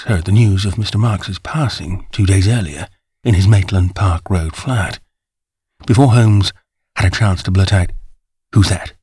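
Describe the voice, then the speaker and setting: Male audiobook reader, low husky tone, dry close studio sound. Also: a little mellow, no echo. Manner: measured storytelling. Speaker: audiobook narrator. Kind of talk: scripted narration.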